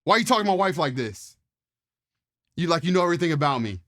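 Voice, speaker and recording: An enraged drill instructor snaps questions at a recruit, his voice raised and high, as a man acts him out while telling the story. He barks every line. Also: very animated, fast. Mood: furious. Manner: barking, yelling at recruits. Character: furious shouting male drill instructor.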